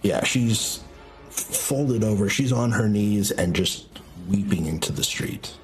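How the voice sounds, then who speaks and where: A man narrating a tabletop game as game master, slow and descriptive with hesitant restarts. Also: lowish voice, soft background music.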